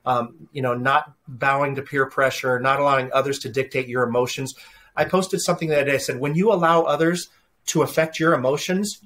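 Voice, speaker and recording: A middle-aged man being interviewed as a leadership speaker, telling animated family anecdotes with frequent restarts. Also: fairly high pitch. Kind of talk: conversational interview storytelling.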